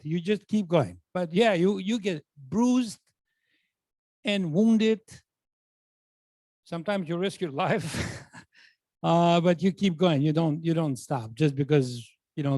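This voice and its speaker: A man's voice: fairly high pitch, no room sound, clean studio sound. Emphatic man telling a story. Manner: animated, emphatic storytelling with acted quotes. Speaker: guest lecturer, surgeon. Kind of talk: storytelling lecture.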